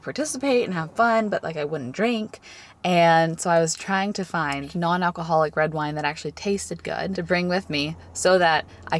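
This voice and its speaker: Woman, twenties, light Southern accent, casual vlog chatter, animated, lowish pitch. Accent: Southern American. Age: 20s. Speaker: vlogger.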